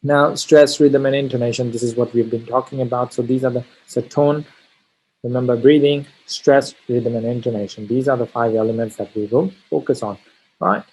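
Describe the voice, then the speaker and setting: In a low-quality recording, a man with a medium-pitched, slightly mellow and rough voice speaks at normal speed. He's teaching a test-prep pronunciation lesson step by step, emphasizing key words and regularly checking in with "all right?".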